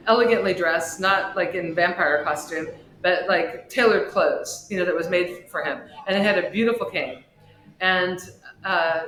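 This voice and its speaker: A woman guest on a podcast, an author and shop owner, telling a personal story with big swings in pitch and volume. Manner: expressive storyteller with wide swings in pitch and loudness. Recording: echoey room with faint noise.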